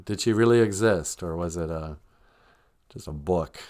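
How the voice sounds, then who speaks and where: A man's voice: deep voice, moderate pace, darkish tone. A man hosting a live stream podcast, rambling and joking in a laid-back way. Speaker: podcast host. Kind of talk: casual live stream chat.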